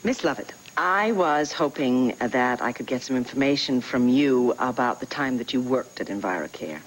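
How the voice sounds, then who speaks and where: A woman's voice: rumbling low, expressive, normal speed, a little hiss or hum, rough recording. An actress playing a persistent, insistent woman in a 1980s TV soap opera, pressing politely for what she wants. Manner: insistent, gushing. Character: pushy, persistent woman chasing old files.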